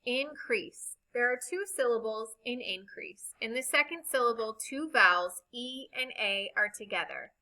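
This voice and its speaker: A woman teaching a recorded reading lesson, speaking slowly and deliberately as she spells out vowel sounds. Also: a little high, sharp tone, low-quality recording.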